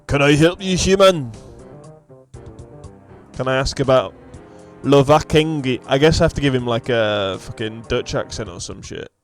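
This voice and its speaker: A man's voice: medium pitch, moderate pace, faint music behind. Mumbly man chatting over gameplay. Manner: relaxed, mumbly, swears, often laughs. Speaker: gaming host. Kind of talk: casual let's-play chat.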